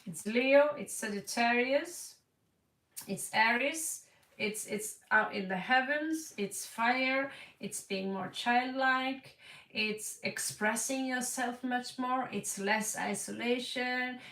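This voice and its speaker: Speaking slowly in a slightly high, somewhat bright voice, a tarot reader offers a casual reading to camera. She's blunt and playful, laughing and repeating words for effect, with her voice distant from the mic in an echoey room.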